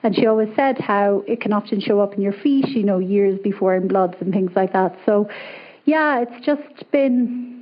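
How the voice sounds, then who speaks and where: A woman with an Irish accent, calling in to a show and chatting casually in an upbeat, chatty way. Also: mid-range voice. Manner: chatty, upbeat, quick to laugh. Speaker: caller. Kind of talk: casual call-in chat. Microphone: remote call audio. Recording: muffled lo-fi call audio.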